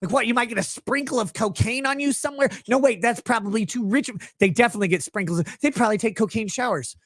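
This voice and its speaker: A man in the middle of a profane reaction rant. He is angry and mocking, and his voice jumps from shouts down to low mutters. The sound is dry and close, with no room around it. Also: fast, no room sound. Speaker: host reacting to clips.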